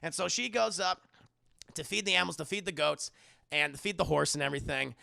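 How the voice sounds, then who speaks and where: A young man recaps a horror film for his live chat, swearing and jumping into character voices. His voice is high and gravelly with a bright, tense edge. The sound is close and dry. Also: fairly quick, no echo. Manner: animated, profane, addresses chat. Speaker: movie reviewer streaming live. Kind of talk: casual livestream movie recap.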